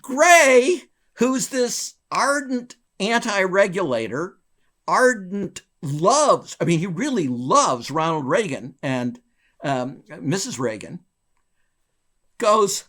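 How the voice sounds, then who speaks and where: A man being interviewed, a former bank regulator telling a long story in a lively, chuckling way with wide swings in his voice. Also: slow pace. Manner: animated, wide pitch swings, chuckles between phrases.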